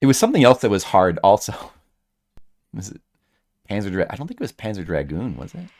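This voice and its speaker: Low-voiced man chatting on a gaming stream. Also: very animated, fairly quick, gravelly, darkish tone. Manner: rambling, chats with viewers, bursts into mock rage. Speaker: streamer playing a game. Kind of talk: casual gaming stream chat.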